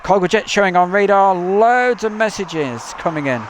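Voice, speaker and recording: Chatty East Midlands man, slightly high voice. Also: expressive, moderate pace, slight background noise. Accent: East Midlands English. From England. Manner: chatty, rambling, reads out viewer messages. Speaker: live-stream host. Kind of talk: casual live commentary. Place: outdoors near an airport at night. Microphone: camcorder mic.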